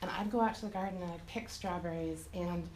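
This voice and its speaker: A woman's voice: on the low side, fairly even intonation, a little fast, a little mellow. Woman, memorial remembrance, nervous, hesitant, tender, roomy hall, faint noise. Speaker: speaker at a memorial. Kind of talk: personal remembrance. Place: memorial gathering room.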